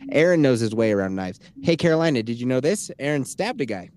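A man's voice: medium pitch, very animated, fast, darkish tone. A man hosting a casual podcast, joking and teasing his guests and laughing a lot. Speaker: podcast host. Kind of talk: casual chat.

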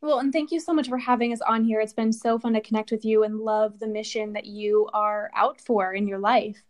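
A woman's voice: on the high side, steady tone, fairly quick. A woman, a relationship coach, talking upbeat and promotional as a podcast guest. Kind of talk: casual podcast interview.

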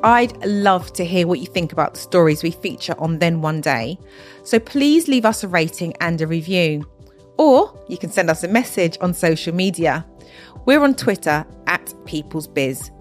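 A woman hosting a podcast, interviewing guests and reading measured scripted narration. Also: fairly low pitch. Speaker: podcast host.

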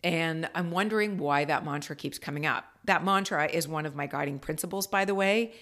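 Candid lower-voiced woman telling a story. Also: fairly quick, fairly bright tone. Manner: candid, reflective, casually swearing. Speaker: ADHD coach. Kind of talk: casual storytelling vlog.

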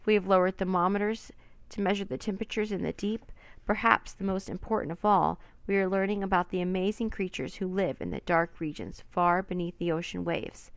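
A woman's voice: medium pitch, steady tone, brisk, vocal fry, no room sound, close to an everyday voice. A woman voicing a portly, jovial older male professor who talks like he is giving a lecture. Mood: lecturing. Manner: lecturing, grandly formal.

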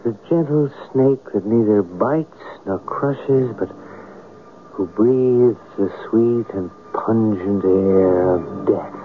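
A slow, wry writer narrating. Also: male voice, mid-range voice, expressive. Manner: measured storytelling, wry and evasive in talk. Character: middle-aged writer telling his own story. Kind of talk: 1970s radio drama acting. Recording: lo-fi old radio broadcast with faint hiss.

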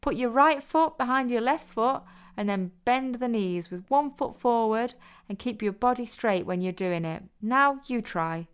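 A woman voicing a bossy, teasing young British woman in a storybook reading, giving orders in a clear voice. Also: on the high side, lively intonation, a little slow, pitched above the performer's own voice. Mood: teasing commanding. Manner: commanding, instructive.

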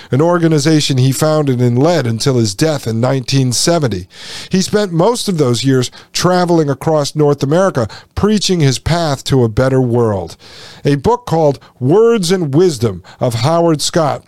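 Male podcast host, somewhat high voice, folksy and sarcastic, dry close sound. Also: darkish tone, no echo. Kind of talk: commentary reading and reacting to a text.

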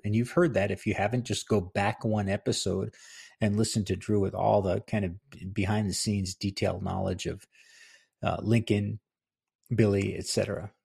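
Gravelly middle-aged man telling a story. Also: fairly low pitch, a little mellow. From New Jersey. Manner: conversational, rambling, with fillers and self-corrections. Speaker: podcast host and author. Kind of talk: casual storytelling monologue.

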